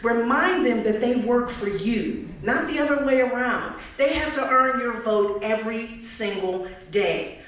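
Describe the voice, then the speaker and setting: A woman with a fairly high voice gives a campaign speech at a community forum. She talks straight to the audience and asks them questions. The sound is far from the mic and very echoey, with faint noise. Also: measured pace, fairly bright tone. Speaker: political candidate. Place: community hall.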